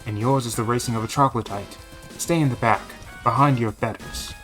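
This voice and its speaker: A man's voice: medium pitch, fairly quick, a bit bright, soft background music, close to an everyday voice. A man voicing an arrogant young male jockey in a fan-dubbed game, haughty and sneering.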